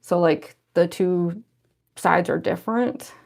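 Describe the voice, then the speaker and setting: A young woman cosplayer speaks slowly in a lowish, gravelly voice with a darkish tone. Getting into costume during a livestream, she rambles casually with plenty of fillers and self-deprecating comments, and her costume fangs give her a slight lisp.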